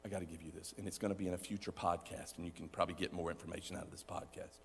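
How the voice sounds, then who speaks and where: This man, a pastor, preaches with a low, flat, creaky voice, racing through his sermon. He calls on the congregation to answer back, shifting between loud outbursts and near-whispered asides. The recording has long hall reverb and a little hiss or hum.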